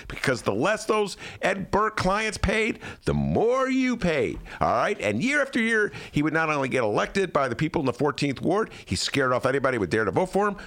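A man from Chicago co-hosting a podcast, ranting sarcastically in casual chat. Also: high voice. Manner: animated and sarcastic, slips into mocking voices. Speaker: podcast co-host.

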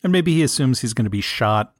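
A man co-hosting a casual film podcast, making quick, animated asides. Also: mid-range voice, no room sound, studio quality. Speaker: podcast co-host.

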